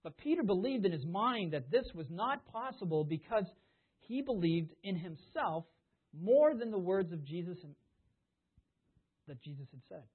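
A man preaching in a slightly high, husky voice, leaning hard on key words and then sinking almost to a murmur. The sound is thin and tinny, like a phone line. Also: very animated, moderate pace. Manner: emphatic, swings from loud stresses to hushed asides. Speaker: pastor. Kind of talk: sermon.

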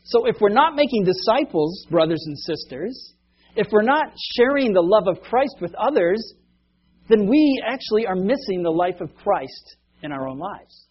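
Husky-voiced man preaching a casual sermon. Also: high voice, sing-song, moderate pace. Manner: conversational, acts out quoted voices, laughs at himself. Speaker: pastor. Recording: dull lo-fi recording.

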